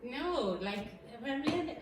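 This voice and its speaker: A woman's voice: high voice, lively intonation, slow pace, background noise. A woman hosting a vlog, chatting casually and teasing her husband. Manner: teasing, laughs easily. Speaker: vlog host. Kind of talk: casual chat. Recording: echoey room, distant mic, music.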